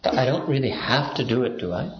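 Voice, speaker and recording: A man's voice: mid-range voice, lively intonation, fast. A man giving a sermon-style lecture, driving his points home with rhetorical questions and frequent prompting "hmm?"s. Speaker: Islamic speaker. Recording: roomy, dull lo-fi sound.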